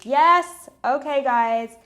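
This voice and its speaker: A woman's voice: high-pitched, very slow. A woman with a slight accent giving a patient, encouraging singing lesson, counting beats aloud as she teaches. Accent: non-native English accent. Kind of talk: step-by-step vocal tutorial. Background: piano chords.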